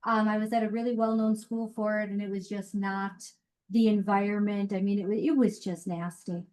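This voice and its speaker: A woman's voice: medium pitch, flat delivery, a little fast, a little mellow. Frank, matter-of-fact woman guest. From Colorado. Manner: frank, matter-of-fact, speaks her mind. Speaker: funeral director and mortuary educator. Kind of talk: casual interview answers.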